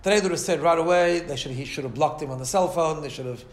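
A man's voice: on the high side, quick pace, echoey room. A man teaching a Torah class in a conversational way, often asking "right?" and acting out the voices in his stories. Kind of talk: Torah lecture.

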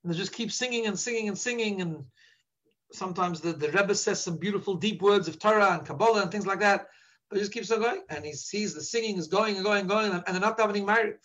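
Earnest high-voiced man giving a sermon. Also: quick pace, fairly bright tone, rough recording. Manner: earnest, repeats words while searching for phrasing; drops into Yiddish when quoting. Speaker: rabbi.

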